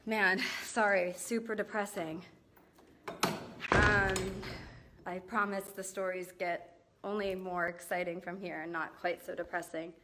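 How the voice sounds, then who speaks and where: A woman's voice: fairly low pitch, little pitch movement, measured pace, very noisy. A young woman, a singer-songwriter, chatting casually on a live stream from her home, rambling and apologizing with lots of fillers and restarts, speaking into a handheld phone. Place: indoors and outdoors at a home. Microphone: phone held in hand.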